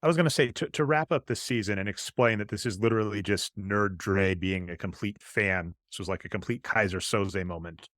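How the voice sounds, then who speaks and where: A man's voice: fairly low pitch, a little fast, hardly any pauses, fairly bright tone, dry recording. A man co-hosting a podcast in casual chat, rambling in long run-on stretches and prone to tangents. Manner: admits to going off on tangents. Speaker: podcast co-host.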